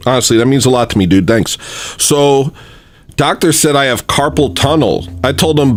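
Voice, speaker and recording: A man's voice: mid-range voice, moderate pace. Male streamer host, self-deprecating, rambling delivery, faint music underneath. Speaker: livestream host. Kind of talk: casual chat, trying out jokes.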